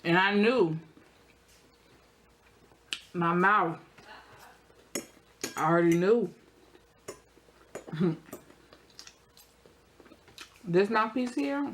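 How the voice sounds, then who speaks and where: A young adult woman, telling a story in a casual, animated way while eating, her voice jumping high for emphasis. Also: takes it slowly, pauses often, slight background noise. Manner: animated, expressive storytelling with sudden high jumps in pitch. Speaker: vlogger.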